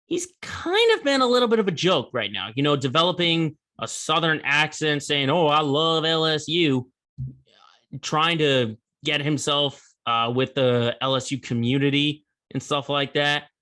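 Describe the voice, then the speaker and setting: Bright-voiced opinionated sports podcast host. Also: male voice, a little high, lively intonation, moderate pace, hardly any pauses. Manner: opinionated, conversational, with emphatic rising bursts. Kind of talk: solo sports commentary.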